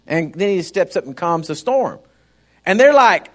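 A man's voice: high-pitched, animated, a little slow, a bit bright. A man preaching a sermon in a folksy, conversational way, often turning to the congregation with asides.

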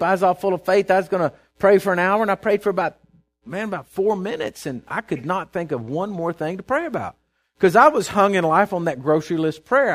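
A middle-aged pastor preaching to his church in a slightly high voice. He booms some passages and drops others to a near-confiding hush. His folksy delivery keeps checking in with the congregation. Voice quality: swings from loud declaring to low confiding. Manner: folksy and conversational, calls out to the congregation. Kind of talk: sermon.

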